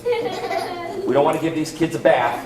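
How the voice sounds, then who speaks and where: Animated man performing for kids. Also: fairly high pitch, unhurried, over loud music. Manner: animated, teasing, drawing the children into call-and-response. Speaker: extension educator performing a gardening routine for children. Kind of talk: playful children's show presentation. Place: large indoor hall with a children's audience. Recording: echoey hall from far off, loud children in the crowd.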